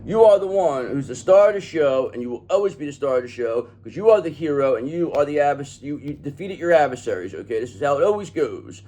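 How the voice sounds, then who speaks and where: A man's voice: on the high side, expressive, fast talker, hardly any pauses, dark tone. A man giving a tarot reading in an emphatic, profane manner, often checking in with "okay?". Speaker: tarot reader.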